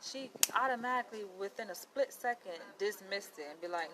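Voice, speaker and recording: Blunt, animated woman vlogging. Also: mid-range voice, a little fast, few pauses, noisy background. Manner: blunt, animated, quotes people in dialogue. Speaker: psychologist in training. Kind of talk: casual vlog rant.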